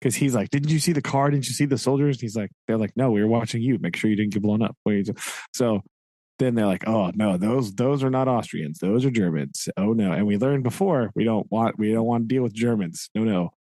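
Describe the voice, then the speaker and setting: A man's voice: on the low side, fairly quick, warm tone, no room sound. A man co-hosting a podcast, retelling a book's plot in loose, rambling chat. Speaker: podcast co-host. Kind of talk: casual book-club chat.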